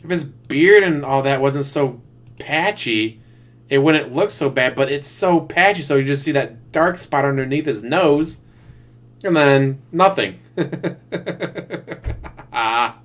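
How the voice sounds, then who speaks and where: A man's voice: medium pitch, takes it slowly, pauses often, fairly bright tone. A man giving sarcastic, mocking running commentary while he watches another streamer's broadcast. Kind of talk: casual reaction commentary. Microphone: desktop USB mic.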